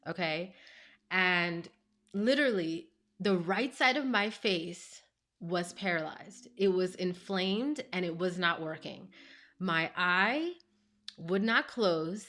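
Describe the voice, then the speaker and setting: A woman's voice: lowish voice, slow pace. A woman in her thirties, a life coach, telling a personal story to camera in a chatty, emphatic way with lots of "like" and "you know". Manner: expressive, emphatic retelling.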